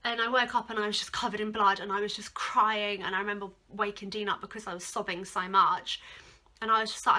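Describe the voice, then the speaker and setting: A woman's voice: mid-range voice, fairly even intonation, a little fast, sharp tone. A young woman, talking casually to camera as a vlogger, rambling with many fillers as she recounts a personal ordeal. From England. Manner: rambling, heavy use of "like", emotional at moments. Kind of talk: casual storytime vlog.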